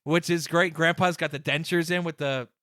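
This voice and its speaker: A man co-hosting a podcast in casual chat, joking and getting excited as he talks. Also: fairly high pitch, moderate pace, no room sound, clean studio sound. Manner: excited, joking, quotes lines from the show. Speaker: podcast co-host.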